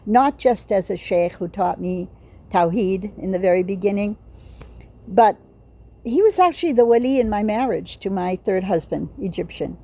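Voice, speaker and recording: At medium pitch and with a warm, expressive tone, an older woman vlogs outdoors after dark. Her personal anecdotes ramble and digress, broken by pauses, with crickets chirping behind her.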